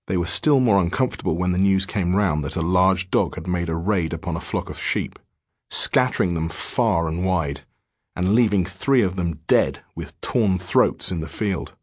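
A man narrating a diary-form horror story in a measured, grave manner. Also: deep voice, breathy edge, no room sound, studio quality.

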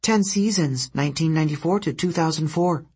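A man's voice: darkish tone, slightly rough. A man voicing a skittish, twitchy female harpy who blurts odd fragments and stutters. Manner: blurts rapid fragments, stutters, high and jittery.

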